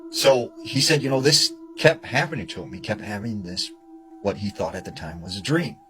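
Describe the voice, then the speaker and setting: A man's voice: fairly low pitch, animated, normal speed, fairly bright tone, low-quality recording. A man casually retelling a scary story he heard, loose and chatty with lots of fillers. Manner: loose and chatty, full of "you know" and "like". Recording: music bed under the voice.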